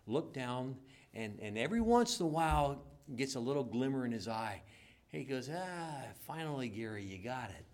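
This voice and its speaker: A man preaching a sermon and leading a prayer, swinging from loud, emphatic lines to soft, near-whispered ones and acting out quoted speech. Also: mid-range voice. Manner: acts out quoted lines in voices. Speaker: pastor.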